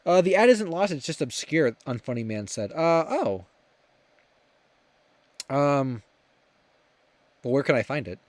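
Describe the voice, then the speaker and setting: A man's voice: a little high, animated, unhurried, pauses often, darkish tone, dry recording. A young man hosting a livestream, chatting casually and reading viewer comments aloud, rambling with many fillers and restarts. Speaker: livestream host.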